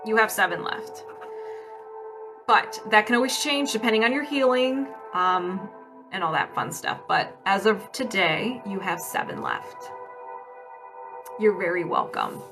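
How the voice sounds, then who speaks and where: A woman's voice: mid-range voice, big pitch swings, measured pace, pauses often, over music. A woman energy healer on a casual livestream, chatty and upbeat, asking and answering her own yes-no questions. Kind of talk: casual livestream healing session.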